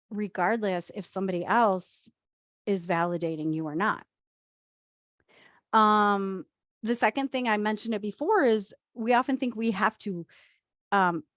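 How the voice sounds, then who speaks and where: A woman's voice: mid-range voice, no echo, studio quality. A woman life coach giving a chatty talk to a group, with playful asides and acted-out quotes.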